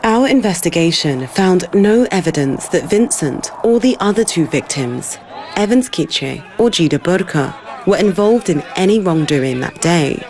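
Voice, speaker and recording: A reporter voicing a scripted news report in a clear, deliberate way. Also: mid-range voice, animated, a little mellow, a faint crowd.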